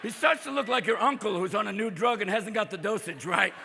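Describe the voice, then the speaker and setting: A man doing a live stand-up set, manic and profane, jumping in and out of quick impressions. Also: sits high, gravelly, bright, forceful tone. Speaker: stand-up comedian. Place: on stage before a live audience. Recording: live crowd laughter, noisy hall.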